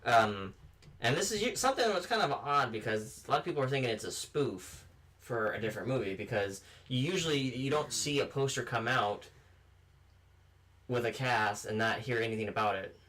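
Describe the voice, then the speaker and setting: A man's voice: medium pitch, animated, moderate pace, a bit bright. A man hosting a movie podcast, reading out film news with casual asides and fillers. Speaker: podcast host.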